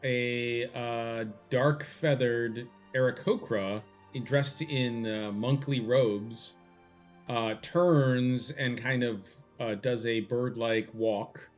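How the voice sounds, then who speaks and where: A man playing a tabletop game who describes his character slowly and hesitantly. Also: mid-range voice, fairly even intonation, soft background music. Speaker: player.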